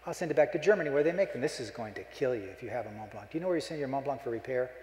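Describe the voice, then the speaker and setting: A man's voice: mid-range voice, animated, racing, a little mellow. A middle-aged man giving a humorous keynote speech, a folksy joking storyteller, speaking on a stage microphone in a conference hall. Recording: echoey hall, live.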